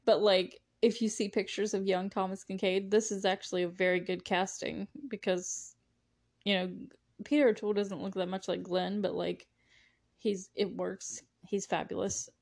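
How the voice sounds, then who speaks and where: A woman's voice: mid-range voice, little pitch movement, normal speed, darkish tone. A woman hosting a podcast, recapping a movie in casual chat, giggling often and gushing with lots of filler words. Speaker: podcast host.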